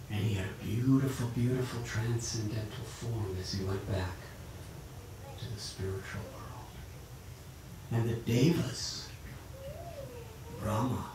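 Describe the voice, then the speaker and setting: A man, a monk giving a storytelling sermon, who narrates in an animated way and acts out the voices of his characters. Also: medium pitch. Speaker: monk lecturer. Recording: echoey hall, far mic, noisy.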